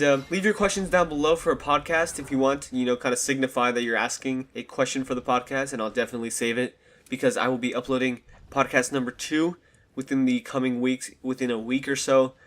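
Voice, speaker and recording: A man's voice: mid-range voice, fast, a bit bright. A young man hosting his channel, telling a story in a casual, rambling way full of slang and fillers, into a desk microphone. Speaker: channel host. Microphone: desk USB microphone.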